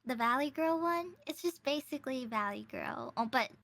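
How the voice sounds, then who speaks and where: A woman's voice: high voice, animated, normal speed, fairly bright tone. A woman streamer chatting casually as a guest, giggling often and filling her sentences with "like". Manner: giggly, lots of filler likes. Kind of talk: casual chat.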